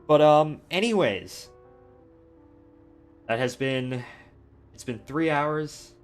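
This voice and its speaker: A man's voice: medium pitch, expressive, extremely slow, faint music behind. A man hosting a train game livestream, chatting casually in a rambling, jokey way with fillers. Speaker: livestream host. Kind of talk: casual stream chat.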